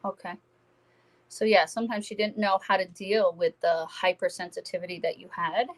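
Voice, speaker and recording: A woman working as a psychic medium, giving a live-stream spirit reading and speaking gently and reassuringly to viewers by name. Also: fairly low pitch, level tone, moderate pace, poor audio.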